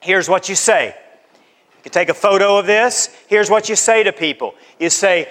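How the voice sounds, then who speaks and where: A man with a high voice preaches a sermon, urging his listeners again and again and acting out little conversations as he goes. His voice rings out with a long reverb, as if in a large church hall. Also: moderate pace, a bit bright. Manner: exhorting, repetitive, acts out conversations. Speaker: pastor.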